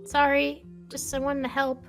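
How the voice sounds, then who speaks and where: Shy flustered young woman, halting and soft, high voice, put on by a woman. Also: completely flat delivery, vocal fry, soft background music. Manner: stammering, soft and hesitant.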